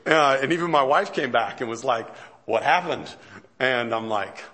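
A man's voice: medium pitch, moderate pace, sharp tone. Man telling humorous stories in a sermon. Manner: conversational storytelling with self-deprecating humor; frequent fillers and restarts, chuckles between lines. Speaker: pastor.

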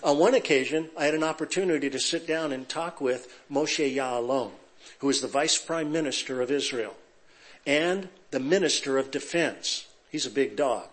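A man's voice: a little high, moderate pace. A middle-aged man from Southern California, a pastor telling jokes and stories to his congregation. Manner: lively storyteller, joking with the audience. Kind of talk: sermon with humorous anecdotes.

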